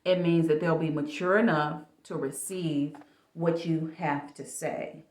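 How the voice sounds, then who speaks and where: Niski, gadatliwy kobiecy głos w pogłosie. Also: female voice, low-pitched, measured pace. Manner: chatty, casual, animated. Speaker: life coach. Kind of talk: advice vlog. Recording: echoey room.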